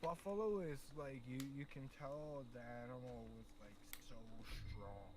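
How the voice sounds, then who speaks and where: A man's voice: mid-range voice, sing-song, normal speed. A man telling stories and chatting casually as co-host of a gaming livestream. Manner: chatty, tells stories with laughs. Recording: noisy stream audio.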